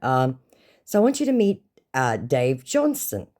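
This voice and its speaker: A woman's voice: very deep voice, huge pitch swings, unhurried, darkish tone. A woman telling a story about a scam chat in a casual, sarcastic and mocking way. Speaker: scam-baiting content creator.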